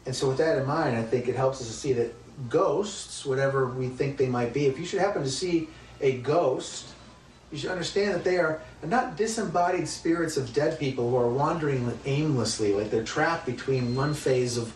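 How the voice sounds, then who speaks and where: A man's voice: mid-range voice, normal speed, slight background noise. A man teaching a Bible study lesson in a conversational, emphatic way, often asking rhetorical questions. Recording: roomy, distant mic with faint ambience.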